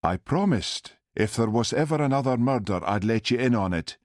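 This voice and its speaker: A man's voice: medium pitch, expressive, normal speed, a little mellow, no room sound, clean studio sound, voice pushed up, close to an everyday voice. A man voicing a weary but firm village policeman in an audiobook.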